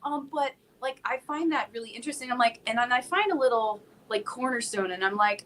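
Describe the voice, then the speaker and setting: A woman's voice: a little high, brisk, a little hiss or hum. A young woman from South Florida, a guest singer-songwriter, chatting casually with lots of likes and restarts. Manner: animated storyteller, many likes and restarts. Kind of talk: casual chat.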